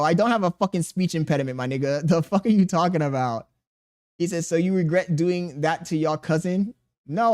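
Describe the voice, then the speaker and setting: Male streamer, thirties, a bit higher pitch, loose joking banter with chat. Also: darkish tone. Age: 30s. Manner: joking, laughing, reads chat aloud, crude banter. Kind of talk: casual live-stream chat reading.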